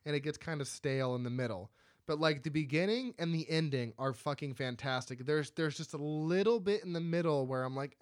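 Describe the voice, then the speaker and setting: A man co-hosting a casual film chat, excitable and swearing a lot as he talks. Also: a little high, a little fast, dry recording, clean studio sound. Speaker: podcast co-host.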